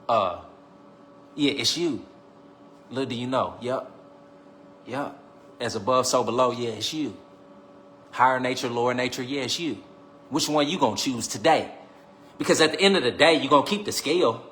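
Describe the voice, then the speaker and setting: A man hosting a live stream, preaching casually and teasing his viewers, repeating his lines and swinging between loud calls and quiet asides. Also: mid-range voice. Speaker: livestream host.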